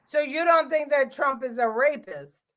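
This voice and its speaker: High-voiced middle-aged woman reading comments. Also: animated, fairly bright tone. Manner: laughs often, halting as she reads comments. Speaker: talk show host reading viewer comments. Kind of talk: casual live-stream chat.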